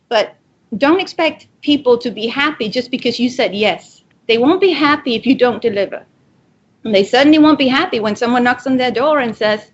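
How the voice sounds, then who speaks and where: Woman presenter, slightly high voice, direct coaching delivery, dull lo-fi webinar audio. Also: animated, fairly quick, a little hiss or hum. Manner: direct, coaching, acts out quoted dialogue. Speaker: speaker giving a webinar talk. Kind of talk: motivational presentation.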